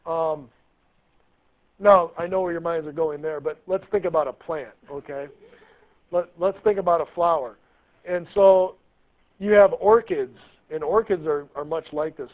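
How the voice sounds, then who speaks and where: A man teaching a biology class, chatty and jokey, often asking the students questions. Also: fairly high pitch. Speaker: high school biology teacher. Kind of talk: classroom lecture. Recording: tinny lo-fi classroom recording.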